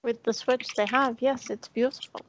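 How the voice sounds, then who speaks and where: A woman's voice: a little high, fairly even intonation, moderate pace, muffled recording, a little hiss or hum. A woman co-hosting a podcast in casual chat, playful and rambling. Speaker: podcast co-host.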